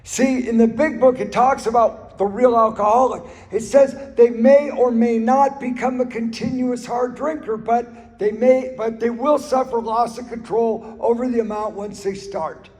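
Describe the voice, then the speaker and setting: Speaking a little slowly and barely pausing, a man with a very high, darkish voice keeps a steady tone as he tells his recovery story. The talk is earnest and personal, full of anecdotes and phrases repeated for emphasis, recorded in a reverberant hall.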